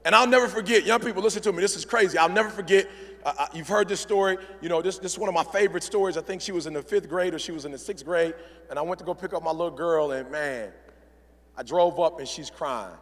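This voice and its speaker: Gravelly, high-voiced man preaching to a hall. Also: fast talker, a bit bright. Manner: preacherly, punchy call-and-response. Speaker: motivational speaker. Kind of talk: motivational speech. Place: large event hall. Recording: long hall reverb.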